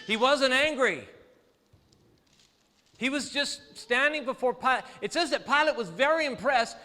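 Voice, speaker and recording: A male pastor preaching a sermon, telling the story with lively, acted-out quotes. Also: very high-pitched, in a large hall. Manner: animated storytelling preacher, acts out quoted voices. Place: church sanctuary.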